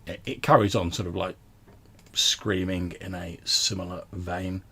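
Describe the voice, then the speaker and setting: A man's voice: sits low, steady tone, unhurried, sharp tone, slightly rough. A man narrating as game master of a tabletop game over a call, describing scenes at length with lots of fillers.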